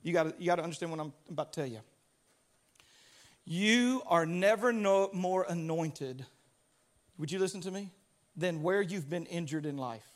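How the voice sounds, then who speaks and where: A man preaching a sermon, building to energetic shouts and acting out quotes as he calls to the congregation. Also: a little high, normal speed, long pauses. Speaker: pastor.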